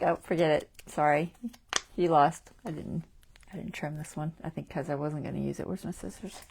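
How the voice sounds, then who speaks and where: Gravelly low-voiced woman crafting. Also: slight background noise. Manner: chatty, thinking aloud while working, often trailing off softly; laughs easily at herself. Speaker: craft channel host. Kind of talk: casual crafting livestream chat.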